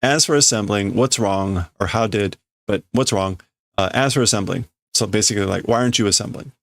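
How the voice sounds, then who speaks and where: A man's voice: fairly low pitch, a little fast, creaky, no echo, studio quality. A man casually translating manga on a live stream, thinking aloud, correcting himself and chuckling as he works out meanings. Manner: musing, self-correcting, chuckling.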